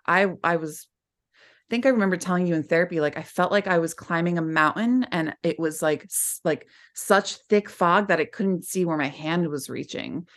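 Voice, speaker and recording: A woman's voice: on the low side, normal speed, a bit bright. A woman guest on a podcast, speaking candidly in a heartfelt, rambling way with many restarts. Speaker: podcast guest, former client. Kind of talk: candid conversational interview.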